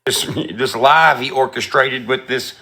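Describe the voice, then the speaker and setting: A man's voice: medium pitch, a little slow, bright, forceful tone. A man telling a story in a profane, sarcastic rant, mimicking the people he quotes. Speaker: content creator in a clip being reacted to.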